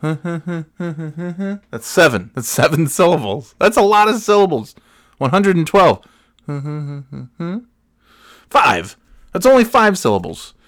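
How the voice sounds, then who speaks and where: A man's voice: on the high side, no echo, studio quality. A man in his forties hosting a solo comedy podcast, rambling from one tangent to the next, cursing and restarting his sentences. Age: 40s. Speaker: podcast host.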